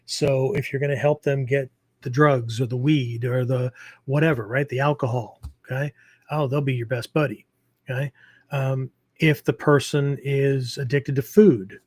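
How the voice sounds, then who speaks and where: In a warm, mid-range voice recorded dry, this martial arts podcast host teaches casually. His explanations wander, packed with filler words and repeated "okay?" checks.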